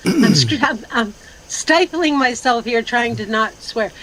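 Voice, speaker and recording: A woman's voice: a little high, animated, a little slow, a bit bright, slight background noise, rough recording. A woman guest in a casual live chat, talking bluntly with plenty of fillers and free swearing. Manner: blunt and loose, swears freely, lots of fillers. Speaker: guest speaker.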